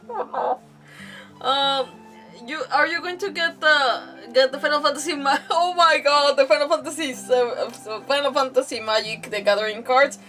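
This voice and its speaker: Brief: high-pitched giggly woman streamer, a bit off-mic, faint game music under her. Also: fairly bright tone, far from the mic. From Mexico. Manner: rambling, giggly, many restarts and fillers. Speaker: gaming streamer. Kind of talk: casual stream chatter while playing.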